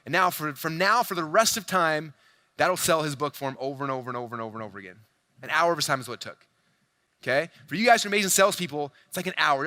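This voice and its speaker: A man giving an energetic keynote talk at a large convention, talking fast to the crowd and acting out dialogue in his stories. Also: a little high, dry recording. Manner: fast, hyped, addresses crowd directly, acts out quoted dialogue. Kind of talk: energetic stage presentation. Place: large convention hall stage.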